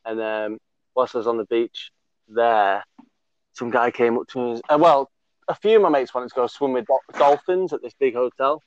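A podcast host with a medium-pitched voice rambles through a story at a moderate pace in a casual chat, full of fillers, swearing and frequent laughter. The recording is dry, dull and lo-fi.

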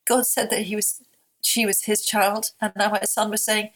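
A woman in her fifties, a guest speaking candidly and heartfelt in an interview, often halting and restarting. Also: medium pitch, flat delivery, a bit bright.

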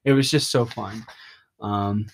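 Rambling, excitable young man. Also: lowish voice, slow pace. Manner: rambling and excitable, many fillers and restarts; openly emotional. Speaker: podcast host. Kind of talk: casual podcast recap of a comic.

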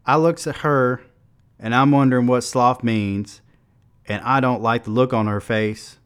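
A man's voice: medium pitch, steady tone, a little slow, smooth, voice pushed up, lightly acted. A man voicing an angry, troubled nineteen-year-old who bluntly tells a violent dream in street dialect. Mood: numb, violent.

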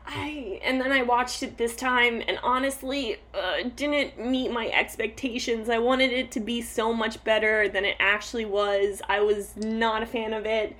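A woman co-hosting a podcast in casual chat, chatty and quick to laugh, trailing off and restarting as she talks. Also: a little high, steady tone, fairly bright tone. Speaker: podcast co-host.

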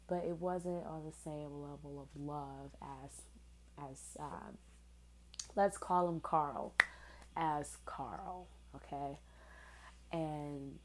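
A woman's voice: sits low, a little mellow, slight background noise, poor audio. A woman in her twenties telling a personal story in a candid, sarcastic way, swearing casually. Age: 20s.

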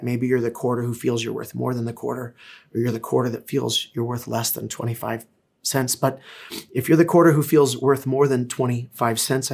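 A middle-aged pastor preaches a sermon with a creaky, medium-pitched voice. He sounds tearful and emotional, speaking earnestly and conversationally with frequent hesitations.

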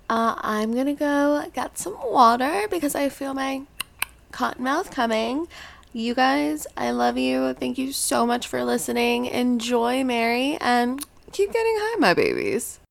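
A woman hosting a relaxed podcast intro. She speaks slowly with a gravelly, fry-laden voice, and she is bubbly, affectionate and quick to laugh. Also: on the high side. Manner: bubbly, gushing, laughs often. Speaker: podcast host.

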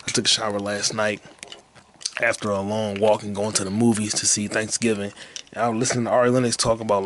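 A man's voice: fairly low pitch, fairly bright tone, slight background noise. A man hosting a solo comedy podcast, rambling in crude, jokey rants. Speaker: podcast host.

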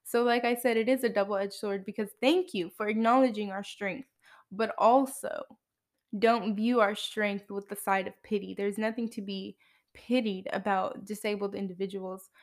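A young woman hosting her own podcast, talking straight to the listener in a loose, unscripted way. She is frank and plain-spoken, and drops in wry, dry asides. Her voice sits in an ordinary middle pitch for a woman. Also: fairly even intonation, moderate pace. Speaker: podcast host. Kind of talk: casual monologue.

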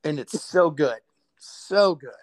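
A man's voice: fairly high pitch, animated, slow pace, no echo. Profane laid-back man telling hunting stories. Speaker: podcast co-host. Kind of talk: casual chat.

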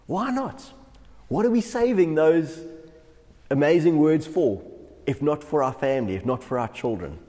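A man's voice: on the high side, lively intonation, normal speed, warm tone. A man, a pastor giving a devotional sermon who often chuckles through his stories. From South Africa. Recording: long hall reverb.

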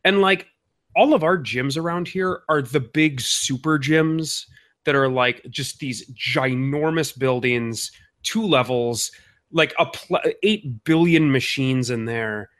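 A man from the Minnesota suburbs co-hosts a podcast, chatting casually and teasing his co-host in joking banter. His voice is mid-range and fairly bright, and he takes his time speaking.

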